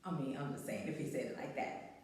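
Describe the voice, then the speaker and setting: A woman's voice: very deep voice, fairly quick, a little mellow, very echoey, in a large hall, distant mic. A woman hosting a talk show, chatting casually, laughing and repeating lines for emphasis as she reads out listener stories.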